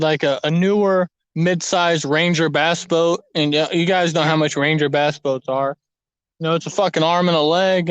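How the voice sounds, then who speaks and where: A young man with a high, smooth voice, rambling through a profane, animated fishing story in casual chat. The sound is close and dry, with no room around it. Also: no room sound, poor audio. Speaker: fishing vlogger. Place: outdoors at a lake.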